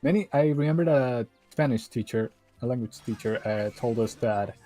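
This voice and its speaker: A man's voice: mid-range voice, moderate pace, warm tone, soft background music, low-quality recording. A man chatting casually on a game stream, rambling loosely and leaning on fillers like "you get me". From Chile.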